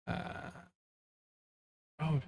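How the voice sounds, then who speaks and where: A man's voice: extremely slow, a little mellow. A man from the US–Mexico border region, live streaming as host and telling a long, rambling story to his chat, dropping Spanish phrases in and often losing his words. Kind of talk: casual rambling chat with viewers.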